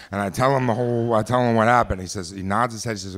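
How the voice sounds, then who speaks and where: A man telling a personal story on a small theater stage, conversational and halting, with many fillers and restarts. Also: low voice.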